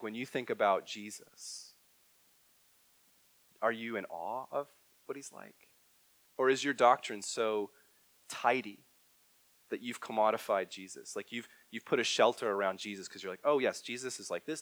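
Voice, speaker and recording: Guy preaching in a church, gets loud then drops way quiet, dry close mic. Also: on the low side, no room sound. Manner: animated, swings from loud emphatic to hushed. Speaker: pastor. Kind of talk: sermon. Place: church hall.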